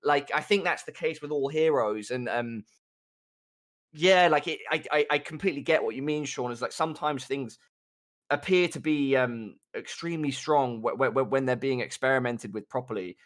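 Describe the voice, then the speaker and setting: A man's voice: moderate pace, fairly bright tone. A man talking casually about tactics on a live gaming show, swearing and ranting at times. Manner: swears a lot, rants with rising pitch. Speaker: guest pro player.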